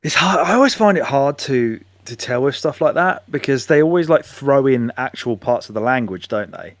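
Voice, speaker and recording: A man's voice: medium pitch, expressive, normal speed, no echo. Guy chatting on a podcast, rambly asides, mid voice, dead dry mic. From England. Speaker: podcast co-host. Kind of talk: casual chat.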